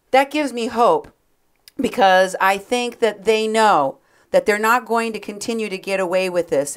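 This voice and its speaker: A woman hosting a radio talk show, speaking in a polite, measured and steady way. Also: mid-range voice, clear, resonant tone.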